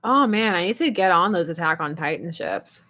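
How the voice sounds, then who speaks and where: A woman's voice: fairly low pitch, animated, moderate pace, bright, forceful tone. A young woman live streaming and chatting casually with her viewers, rambling and laughing often as she answers chat. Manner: reads and answers chat aloud.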